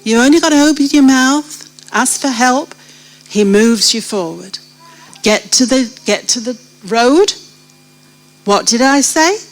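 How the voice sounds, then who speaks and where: A woman's voice: high-pitched, expressive, measured pace, poor audio. A British woman telling her story of faith to a church gathering, putting questions straight to her listeners. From Britain. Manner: vivid storyteller who addresses the listeners directly with questions. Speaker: guest sharing her testimony. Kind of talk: testimony told to a church congregation.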